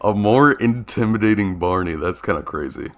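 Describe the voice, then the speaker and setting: A man's voice: fairly low pitch, animated, normal speed, a bit bright. A young man streaming a video game, chatting casually, laughing often and restarting his sentences. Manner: laid-back, laughs often, hesitant restarts. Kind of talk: casual gameplay commentary.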